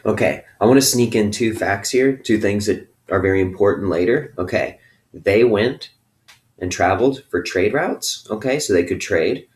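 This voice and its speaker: A male teacher with a deep, low voice gives a recorded lesson to students. He keeps an upbeat, playful tone and often checks in with a quick "okay?" at the end of his phrases.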